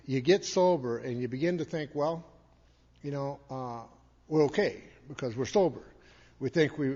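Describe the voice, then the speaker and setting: A man's voice: medium pitch, a little mellow. Folksy man telling a rambling story in a hall. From Montana. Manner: folksy, rambling, repeats words. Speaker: AA speaker. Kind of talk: recovery talk storytelling. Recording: dull recording in a reverberant hall.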